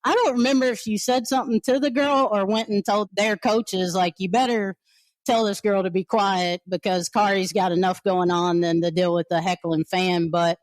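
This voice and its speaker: A woman in her forties, a former player and team co-captain, reminiscing in a relaxed, conversational way at a friend's home. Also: mid-range voice, normal speed, no echo. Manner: relaxed, conversational, with frequent "you know". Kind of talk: reminiscing interview.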